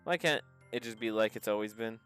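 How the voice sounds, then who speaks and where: A man reading the lines of a gloomy teenage girl who admits her sadness, in a soft, subdued voice pitched below his own. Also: a little fast, clean tone, soft background music, natural voice. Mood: despairing. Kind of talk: reading visual novel dialogue aloud.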